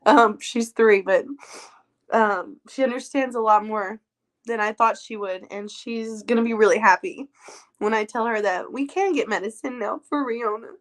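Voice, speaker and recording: A woman with a high voice speaks over a video call. She is an emotional mother who tells a story about her family and is at times tearful. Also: moderate pace. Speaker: dog owner and mother.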